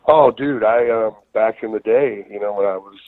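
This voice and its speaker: A man calls in as a guest and tells long stories, full of fillers and swearing. His voice is on the low side. The sound is dry and squeezed into a narrow, phone-like band. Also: normal speed, no room sound. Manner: rambling, profane, many fillers. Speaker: guest wrestler. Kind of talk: casual storytelling interview. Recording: tinny phone line.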